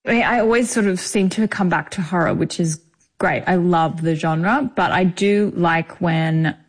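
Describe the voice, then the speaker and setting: A woman's voice: lowish voice, normal speed, breathy edge. A woman with an Australian accent, an actress talking casually in an interview, chatty with many fillers. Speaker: actress, guest.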